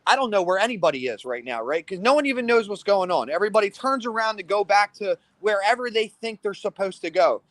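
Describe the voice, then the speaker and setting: A man with a fairly high voice tells a long story about a paintball game in a loose podcast chat. He swears freely, keeps checking in with "right?", and jumps into quick impressions of the people he's quoting. The sound is dry and close. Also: dry recording. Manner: animated, profane, keeps asking "right?"; acts out other people's lines in quick bursts. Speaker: paintball team commander.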